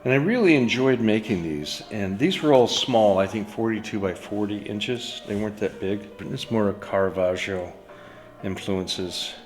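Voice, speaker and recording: A man, a painter, talking about his work in an unhurried storytelling way, with trailing fillers. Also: lowish voice. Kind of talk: reflective studio talk. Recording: echoey room with soft music.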